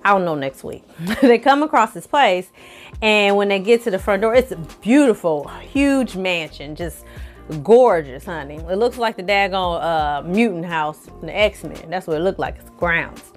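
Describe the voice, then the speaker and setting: A woman recapping an episode in a casual vlog, animated and profane, acting out the characters' lines as she tells it. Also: lowish voice, moderate pace, faint music behind. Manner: animated, profane storytelling with acted-out quotes. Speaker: film review vlogger.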